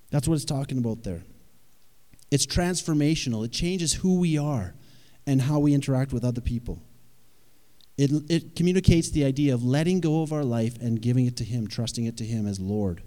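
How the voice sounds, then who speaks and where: A man's voice: medium pitch, dark tone. Man preaching in a reverberant hall. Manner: conversational, asks the audience questions. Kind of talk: sermon.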